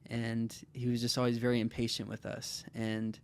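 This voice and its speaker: A man's voice: medium pitch, completely flat delivery, moderate pace, a little mellow, smooth. A man speaking as a guest in a casual podcast conversation, reflective and hesitant, with many "like" and "um" fillers.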